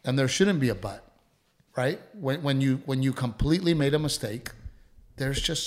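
A middle-aged man co-hosting a casual talk show. He talks in an animated way, jumps into little voices for what others said, and swears freely. His pitch sits in the middle for a man. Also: moderate pace. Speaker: podcast co-host. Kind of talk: casual chat.

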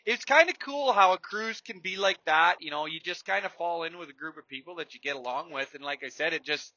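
A man's voice: on the high side, brisk, pushed and bright, no room sound. A man hosting a podcast, telling stories and ranting bluntly and profanely in a rambling, casual way. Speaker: podcast host. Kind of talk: casual storytelling rant. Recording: dry, slightly dull lo-fi recording.

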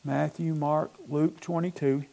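A male pastor from North Alabama with a Southern accent, preaching a sermon in a church, retelling scripture with animated, emphatic bursts. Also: a little high, a little slow, creaky.

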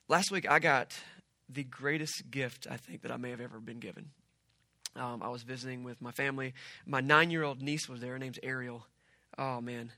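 Middle-aged male pastor, animated conversational sermon, bright voice, dry close sound. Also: medium pitch, moderate pace, no echo. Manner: animated, conversational preaching with asides.

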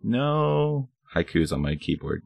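Jokey podcast dude, lowish voice, dry close mic. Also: male voice, slow, creaky, no echo. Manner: relaxed, jokey. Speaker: podcast co-host. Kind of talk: casual chat.

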